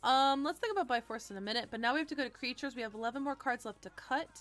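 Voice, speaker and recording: A woman's voice: high voice, expressive, racing, fairly bright tone. A young woman streaming to her viewers in a bubbly, giggly casual chat.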